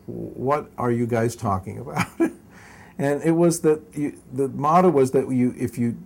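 An older man recounting memories at length, his voice husky and mellow with a soft, breathy edge. He wanders and corrects himself mid-sentence, with little chuckles woven through the telling. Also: medium pitch. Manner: rambling, self-correcting, chuckles while telling stories. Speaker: interview guest. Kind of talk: storytelling in a long interview.

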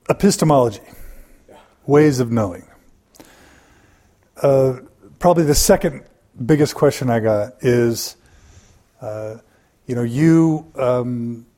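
A man interviewing a guest, asking probing questions in a relaxed, casual way. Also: mid-range voice.

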